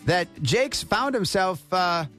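A man's voice: high voice, expressive, slow, fairly bright tone, soft background music. A man hosting a morning radio show, upbeat and chatty.

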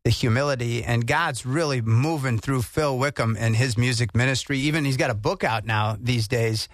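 A man hosting a radio show, chatting in a relaxed way and introducing songs. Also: mid-range voice, normal speed, no room sound, studio quality. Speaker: radio host. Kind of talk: casual radio chat.

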